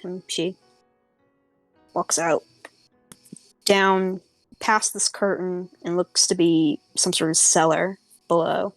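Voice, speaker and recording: A woman narrating as game master in a tabletop game, hesitant and filling gaps with little fillers. She speaks slowly. The sound is dry and close. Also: on the low side, no room sound. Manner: hesitant, full of fillers like "kind of".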